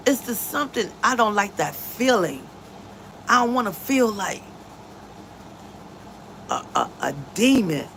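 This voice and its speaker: Animated, gravelly-voiced woman livestreaming. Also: fairly high pitch, slight background noise, low-quality recording. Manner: emphatic, animated, preachy. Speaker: livestream host. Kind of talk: casual livestream talk. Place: at home.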